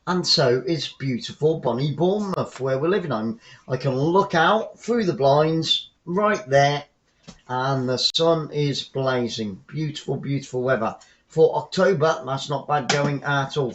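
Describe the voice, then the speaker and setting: A man calls a football match for his fan stream from home, wandering into chatty asides and getting excited when there's a chance on goal. His voice sits a touch high. The home recording is dull and lo-fi. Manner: chatty, rambling asides between excitable play-by-play. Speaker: fan commentator hosting a live stream. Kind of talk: casual live football commentary. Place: at home, watching the match remotely.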